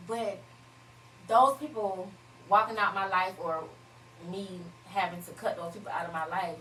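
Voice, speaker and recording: A woman's voice: medium pitch, steady tone, moderate pace, a bit bright, a little hiss or hum. A woman hosting a casual chat, talking emphatically and swearing freely. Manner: profane, emphatic, laughing banter. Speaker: podcast host. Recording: echoey room, voice from far off.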